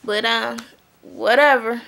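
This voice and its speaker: A woman's voice: fairly high pitch, fairly even intonation, slow pace, gravelly, pushed and bright. A woman recapping a reality TV episode in a blunt, profane, chatty way. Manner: blunt, profane, chatty, often asks "okay?". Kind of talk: casual recap chat.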